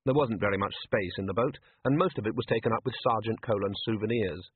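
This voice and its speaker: A man narrating an audiobook with expressive, scripted storytelling. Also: fairly low pitch, fast talker, breathy edge, no room sound. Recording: tinny phone-like line, dry.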